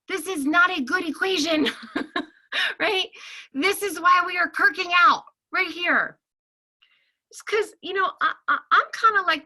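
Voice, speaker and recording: A high-pitched woman gives a friendly talk as a counselor to a group of women. Her voice is very bright and ringing, and she keeps her listeners close with constant "okay?"s and "right?"s, laughing easily between points. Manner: chatty, checks in with "okay?" and "right?"; animated, laughs often. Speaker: licensed counselor.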